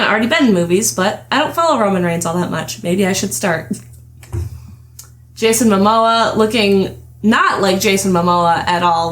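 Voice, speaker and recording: A woman's voice: mid-range voice, fairly bright tone, slight background noise. Giggly, chatty young woman podcast host. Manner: chatty, giggles often, trails off and restarts. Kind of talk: casual chat.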